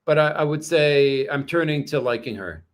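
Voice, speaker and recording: A man from Canada hosts a relaxed livestream, chatting with his viewers. His voice sits a little high for a man. He rambles along with plenty of "uh"s and restarts. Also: normal speed. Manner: rambling, many fillers and restarts. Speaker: livestream host reading chat. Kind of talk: casual livestream chat.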